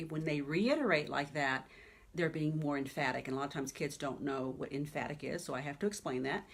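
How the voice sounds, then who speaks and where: Woman, piano teacher, lowish voice, chatty webinar delivery with lots of "okay?" and "right?". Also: animated, a little fast, breathy edge. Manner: chatty, emphatic, keeps asking "okay?" and "right?".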